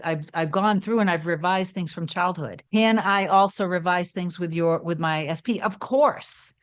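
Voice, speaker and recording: Reassuring woman coaching viewers. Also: mid-range voice. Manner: warm, reassuring, conversational with many asides. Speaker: manifestation coach. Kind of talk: casual coaching monologue to camera.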